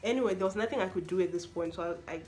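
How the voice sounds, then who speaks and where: A young woman, a university student, telling an expressive, exasperated story-time vlog with lots of repetition. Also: fairly low pitch, rapid-fire, over music. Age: young adult.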